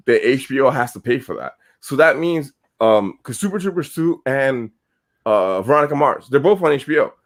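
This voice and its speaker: A man hosting a podcast, ranting heatedly and swearing constantly in casual talk. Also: medium pitch. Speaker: podcast host.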